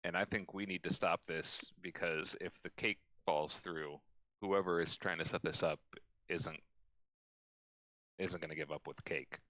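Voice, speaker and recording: Man voicing an earnest cautious young man, very deep voice, dry muffled recording. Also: steady tone, measured pace, no echo. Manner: earnest, hushed, careful.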